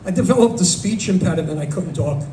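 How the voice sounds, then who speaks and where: A man's voice: high-pitched, lively intonation, fast, dark tone, slight background noise. An older man with a New York Italian accent doing wisecracking open mic stand-up in a small bar. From Brooklyn, New York. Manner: wisecracking, self-deprecating. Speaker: stand-up comic. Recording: roomy, distant mic, faint ambience.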